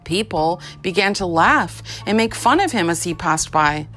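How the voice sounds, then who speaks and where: A woman narrating a children's storybook aloud with expressive, lively storytelling. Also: fairly low pitch, normal speed, faint music behind. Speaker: audiobook narrator.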